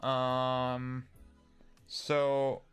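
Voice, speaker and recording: A young livestream host rambles through viewer comments casually, with frequent fillers, restarts and swearing. His mid-range voice is fairly bright and smooth, delivered completely flat and extremely slowly, over faint background music.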